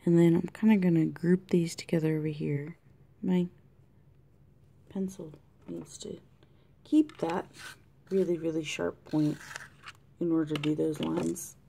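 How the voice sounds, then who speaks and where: Woman, low gravelly voice, chatty drawing tutorial, thinks aloud, drops into whispers. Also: fairly even intonation, a little slow, pauses often, dark tone. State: has the hiccups. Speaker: art tutorial host. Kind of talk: casual drawing tutorial narration. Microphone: camera mic close to the desk.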